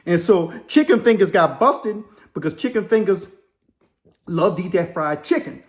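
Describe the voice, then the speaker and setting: A man, a former prisoner hosting his channel, telling stories in an animated, rambling way. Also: fairly high pitch, moderate pace. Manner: animated, rambling, many "you know"s. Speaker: YouTube host, former prisoner. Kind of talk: casual storytelling.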